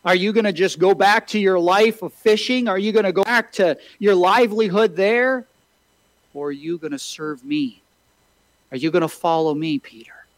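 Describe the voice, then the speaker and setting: A man's voice: sits high, moderate pace, dry recording, voice pushed up, close to an everyday voice. A man preacher voicing an earnest man who presses a follower with repeated questions. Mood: urging.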